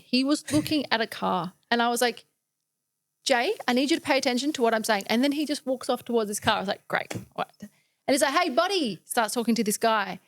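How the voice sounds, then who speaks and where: A woman with a fairly high voice speaks as a founder guest on a podcast, blunt and to the point. The recording is dry and close. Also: no echo. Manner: blunt, direct, brisk. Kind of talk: casual podcast chat.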